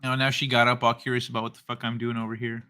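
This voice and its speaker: A man's voice: mid-range voice, little pitch movement, fast talker, bright, forceful tone. A man hosting a casual late-night stream, chatting loosely and swearing while reading chat aloud. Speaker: streamer host.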